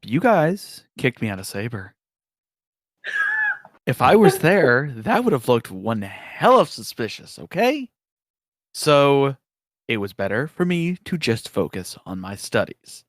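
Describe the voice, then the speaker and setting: A man's voice: medium pitch, sing-song, slow, no echo, studio quality. A man in a tabletop game, speaking in a defensive, sarcastic way. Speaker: player. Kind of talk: casual in-character play.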